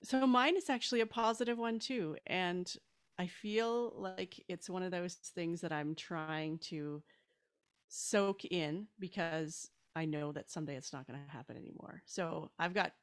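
Gentle, earnest woman co-host in her forties. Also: fairly low pitch, measured pace. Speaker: podcast co-host. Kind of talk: casual chat.

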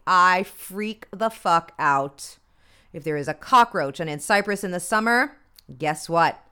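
A woman in her thirties talks through a list in a candid, chatty way, dropping wry comments and the odd curse. Her voice is bright and sharp, smooth and crisp, and her pitch rises and falls a great deal. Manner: candid, chatty, swears freely, comments wryly as she reads. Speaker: podcast host. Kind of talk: casual chat reading from a list.

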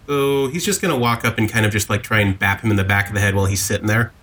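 A man's voice: on the low side, fast, fairly bright tone. A man playing in a tabletop game, casually describing his character's actions. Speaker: player.

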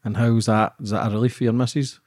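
A man hosts a casual podcast interview and fires off blunt questions at a brisk pace. The sound is dry and close. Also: medium pitch, steady tone, darkish tone, dry recording. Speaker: podcast host.

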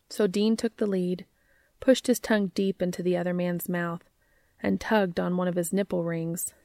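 A woman reading romantic fiction aloud in a steady, measured way. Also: fairly low pitch, vocal fry, dry recording, studio quality. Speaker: narrator.

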